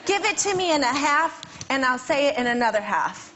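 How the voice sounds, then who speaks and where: A woman's voice: sits high, sing-song, brisk, lo-fi sound. A woman who is a guest on a studio talk show, talking in a giggly, playfully unsure way. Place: TV studio with audience. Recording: loud studio audience and noise.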